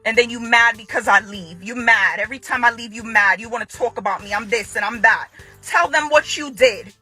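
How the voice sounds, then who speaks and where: A little fast and sharp in tone, this woman's voice sits on the high side as she delivers an angry on-camera statement to her ex-husband. The furious ex-wife repeats phrases to confront him, while soft music plays in the background.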